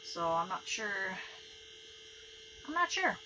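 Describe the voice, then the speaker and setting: A woman's voice: medium pitch, sing-song, slow pace, noisy background. A woman chatting casually and laughing easily while ice fishing outdoors on a frozen lake. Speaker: angler on an ice fishing trip.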